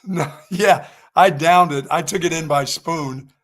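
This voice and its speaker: A man's voice: fairly high pitch, measured pace, a bit bright. A man co-hosting a sports radio show, telling joking stories in casual chat. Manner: joking storyteller, laughs at himself.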